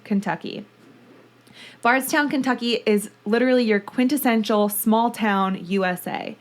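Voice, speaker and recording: A talkative woman hosts a true-crime podcast, gushing over small things before she settles into telling the case. She sits close to a studio mic, and her voice sits at an everyday middle pitch. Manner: chatty, gushing, reads listener mail aloud. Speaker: podcast host. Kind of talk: casual true-crime podcast chat and narration.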